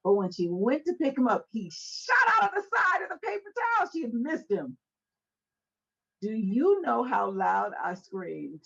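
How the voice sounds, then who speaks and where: A woman hosting a Bible study podcast, telling stories in a casual, animated way, acting out quoted voices and laughing often, on an indoor set. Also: a little high, unhurried, gravelly, breathy edge, muffled recording. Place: indoor set with a fireplace backdrop.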